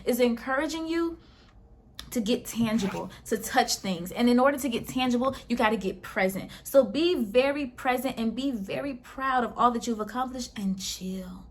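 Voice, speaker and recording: A woman's voice: a little high, moderate pace. A woman in her twenties hosting a show, giving a casual, slangy spiritual pep talk and leading a guided meditation with frequent laughter. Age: 20s. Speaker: host.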